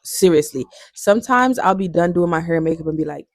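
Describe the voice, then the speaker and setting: A woman's voice: fairly low pitch, brisk, few pauses, dry recording, studio quality. A woman in her twenties with a Jamaican accent, chatting playfully to her viewers and switching between languages. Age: 20s. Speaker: vlogger. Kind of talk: casual chat.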